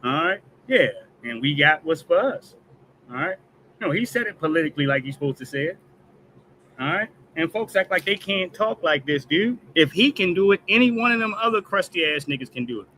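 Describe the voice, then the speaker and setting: A man's voice: sits high, animated, fairly quick, pushed and bright, slight background noise, low-quality recording. Heated man ranting on a stream. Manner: emphatic, repetitive "all right?" tags, heated and profane. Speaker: host of a news commentary stream. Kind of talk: casual commentary rant.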